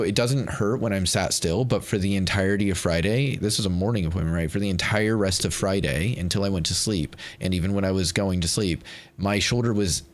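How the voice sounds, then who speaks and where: A man, chatting and ranting to his stream while playing a game, swearing often. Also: low voice. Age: 30s. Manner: ranting, exasperated, swears freely. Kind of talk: casual chat while gaming.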